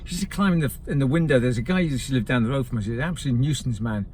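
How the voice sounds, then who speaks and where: A man's voice: mid-range voice, very fast, a little mellow, a little hiss or hum. A Scottish man in his fifties, rambling casually to camera as a vlogger and often digressing. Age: 50s. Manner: rambling, digressive, keeps calling viewers "folks".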